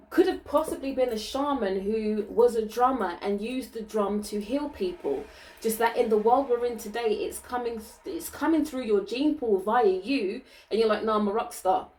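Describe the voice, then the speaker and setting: A woman giving a channeled card reading, gentle and reassuring, often ending her sentences with "okay?" and laughing lightly. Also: on the high side, distant mic, low-quality recording. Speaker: spiritual card reader.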